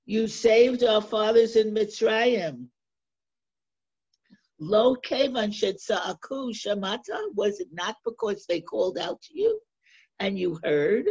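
Slow, husky woman teaching a text. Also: mid-range voice, animated, darkish tone. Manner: reads Hebrew verses then translates them, slow and deliberate. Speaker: Torah teacher. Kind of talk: text-study lesson. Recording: dull lo-fi recording.

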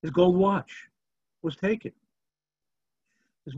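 A man's voice: on the high side, animated, moderate pace, husky, highs cut off. A man teaching a Torah class, sprinkling Hebrew terms into English and asking rhetorical "right?" checks while telling stories. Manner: rhetorical, asks "right?" and "okay?". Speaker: religious teacher. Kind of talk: Torah class lecture with storytelling.

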